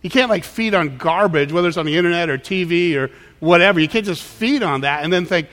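A man's voice: high voice, fast talker, hardly any pauses, fairly bright tone. A man preaching a sermon as pastor, conversational, acting out quoted voices. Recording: long hall reverb.

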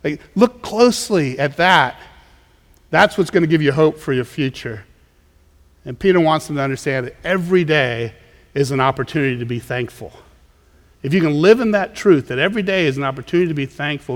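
This pastor's voice runs on the high side at a normal pace as he gives a sermon in a church sanctuary. His talk is conversational, full of repeated words and fresh starts, and a large hall's long reverb colors the recording.

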